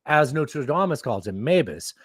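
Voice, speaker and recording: A man's voice: medium pitch, very animated, normal speed, slightly rough, no room sound, clean studio sound. A man co-hosting a comedy podcast, rambling and swearing in casual chat. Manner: rambling, profane, jokey. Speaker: podcast co-host.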